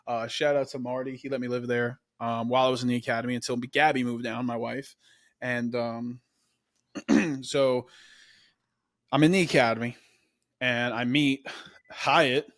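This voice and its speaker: A man's voice: mid-range voice, steady tone, normal speed, long pauses, a bit bright, dry recording, studio quality. A young man hosting a podcast, telling his story in a casual, laid-back way, often saying "man" and "dude". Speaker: podcast host.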